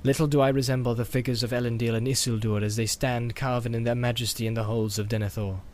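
A man's voice: little pitch movement, darkish tone, slight background noise, close to an everyday voice. A man voicing a weathered, solemn ranger in a read-aloud story. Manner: low, measured, solemn. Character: weathered grave ranger man, calm heir.

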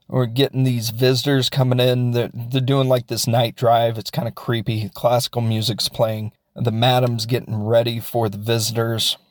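Heard in clean, echo-free studio audio, a man of medium pitch recaps a movie as a reviewer. He's casual and rambling, full of jokes, and performs the characters as he goes.

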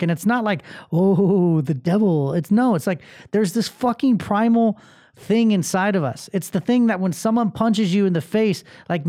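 A man's voice: sits high, a little mellow, dry recording, clean studio sound. Blunt, profane man venting on his podcast. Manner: blunt, profane, emotionally open. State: angry, having a bad day. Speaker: podcast host. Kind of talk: solo motivational podcast monologue.

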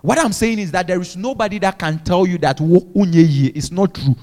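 A man's voice: high-pitched, brisk, a little mellow, in a large hall. A male pastor preaching a fervent sermon in a church, calling on the congregation to repeat after him. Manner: fervent preaching with call-and-response exhortations.

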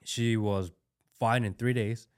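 A man's voice: on the low side, steady tone, slow pace. A man speaking as a guest on a casual podcast, talking bluntly and emphatically as a new father, repeating key words for force.

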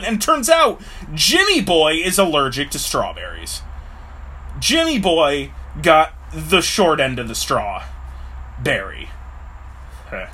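A man's voice: fairly high pitch, pushed and bright. A man talking casually to camera in a rambling way, full of fillers, acting out little voices as he goes. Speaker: vlogger.

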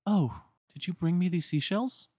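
A man voicing a gentle, apologetic teenage girl in a raised, lilting voice for a fan retelling of a game story. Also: high voice, normal speed, dry recording, studio quality, voice pushed up.

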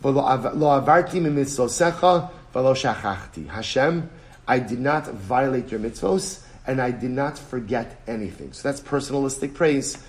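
Man, rabbi, Talmud lesson, animated, emphatic, repeats key phrases, mid-pitched voice. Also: moderate pace. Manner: animated, emphatic, repeats phrases, switches between English and Hebrew-Aramaic terms. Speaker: rabbi teaching daily Talmud page. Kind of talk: Talmud lecture.

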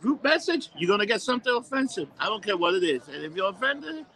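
High bright-voiced ranting man. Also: very animated, fast, few pauses, low-quality recording. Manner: crude, ranting, swears a lot. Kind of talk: casual chat.

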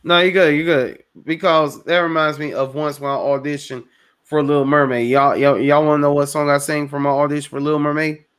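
High-voiced laid-back podcast host. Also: male voice, level tone, brisk, fairly bright tone, clear, resonant tone. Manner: laid-back, joking, self-deprecating. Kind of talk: casual podcast chat.

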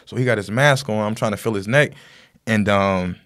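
A man's voice: on the low side, normal speed, a bit bright. A man talking as a guest, telling a story in a rambling casual way with lots of fillers and tag questions.

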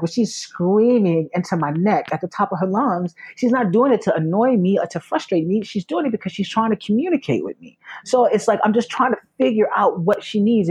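A man's voice: sits high, a little mellow, husky, poor audio. A man who is a new parent, talking earnestly and reflectively in a casual conversation, repeating phrases for emphasis.

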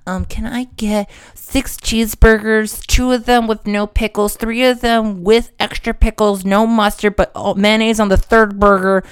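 A man's voice: level tone, clean tone, dry recording. A man voicing a fussy woman customer placing a long, complicated drive-thru order. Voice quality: high, drawn-out, fussy.

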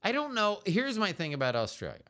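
A man's voice: high-pitched, huge pitch swings, fairly quick, fairly bright tone. A man from the United States co-hosting a casual podcast with his partner, rambling and trailing off as he talks. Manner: rambling, meandering, trails off often. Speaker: podcast co-host. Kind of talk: casual chat.

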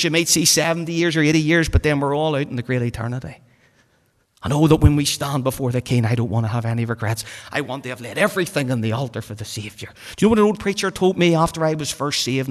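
A man preaching a sermon, fervent, swinging from loud exhortation to hushed pleading. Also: fairly high pitch. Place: church hall. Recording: hall reverb.

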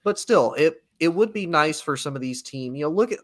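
A man's voice: fairly high pitch, expressive, brisk. Rambling easygoing man talking sports. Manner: rambling, frequent fillers and restarts, easygoing. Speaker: sports talk co-host. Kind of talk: casual sports debate.

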